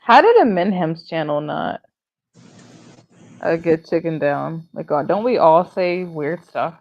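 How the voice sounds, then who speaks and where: A woman's voice: sits low, lively intonation, unhurried. Slangy, swearing woman on a lo-fi mic. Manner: slangy, swearing, often trailing off quietly. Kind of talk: casual livestream chat.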